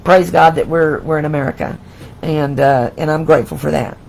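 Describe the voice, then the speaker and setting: A middle-aged woman talks through a casual live craft tutorial. Her voice is gravelly and hoarse, as if she is losing it. She sounds effusive and emotional, often stumbling and restarting her words. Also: sits low, fairly quick, a little mellow, low-quality recording. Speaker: host of a live crafting session.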